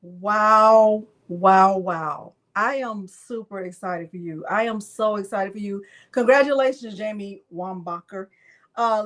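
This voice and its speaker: A middle-aged woman hosting a crafting livestream, gushing and exclaiming to viewers as she runs a prize drawing. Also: mid-range voice. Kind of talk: excited live stream chat. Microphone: desk microphone.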